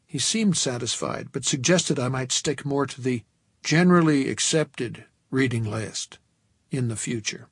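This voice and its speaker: Man, audiobook narration, wry and measured, husky voice, dry close sound. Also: medium pitch, fairly bright tone, dry recording.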